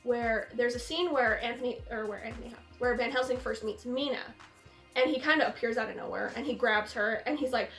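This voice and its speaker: Young woman host, high voice, animated movie chat, echoey room. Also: fairly quick, faint music behind. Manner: animated, laughing, acts out lines from the film. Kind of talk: casual movie discussion.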